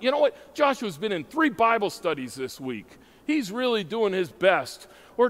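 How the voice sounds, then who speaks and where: A man's voice: high-pitched, big pitch swings, measured pace, vocal fry, fairly bright tone. A man preaching a sermon, emphatic and asking his listeners questions as he teaches. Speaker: pastor. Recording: hall reverb.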